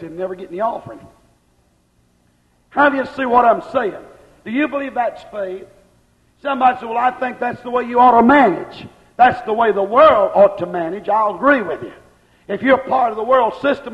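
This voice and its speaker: Man, preacher, impassioned sermon, dull old recording. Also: very high voice. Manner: impassioned preaching, slowing and shouting at climaxes. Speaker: pastor. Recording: reverberant church, dull lo-fi sound.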